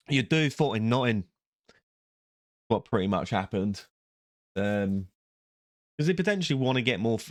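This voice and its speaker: A man's voice: deep voice, creaky, no echo. A young man hosting a reaction video, rambling casually with sarcastic, self-mocking asides. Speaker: YouTube reaction host.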